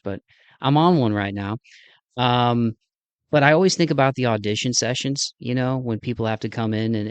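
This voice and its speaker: A man's voice: on the low side, no room sound. A man with a Midwestern accent hosting a podcast, rambling enthusiastically through a casual solo outro. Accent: Midwestern American. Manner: rambling, enthusiastic, self-deprecating. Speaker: podcast host.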